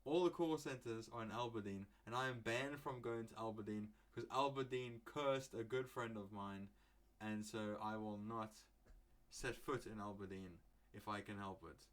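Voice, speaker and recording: A man's voice: on the low side, normal speed. A young man from England rambling through a casual solo podcast, joking and swearing freely as he goes. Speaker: podcast host.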